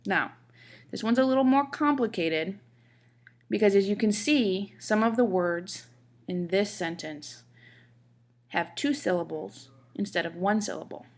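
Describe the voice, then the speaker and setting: Woman, teacher, gravelly voice, explains step by step, reads verse with heavy stresses. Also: medium pitch, measured pace. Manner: explains step by step, checks in with the class; reads lines aloud with marked stresses. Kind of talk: classroom lecture on poetry.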